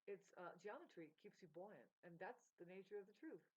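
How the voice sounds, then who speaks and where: A woman's voice: medium pitch, expressive, fairly quick, slightly rough, dull audio. A woman talking in a rambling, swearing, stream-of-consciousness monologue about spirituality and music, with her voice jumping up and down. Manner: stream-of-consciousness, swearing, jumps between topics. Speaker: vlogger.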